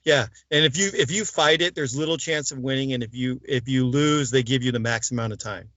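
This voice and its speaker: A man recounts his past in a casual interview, mid-pitched and lively as he acts out what others said. The recording is dry and a bit dull, like a modest lo-fi setup. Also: brisk, no echo. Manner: animated storyteller acting out quoted voices. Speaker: interview guest, former mobster turned informant.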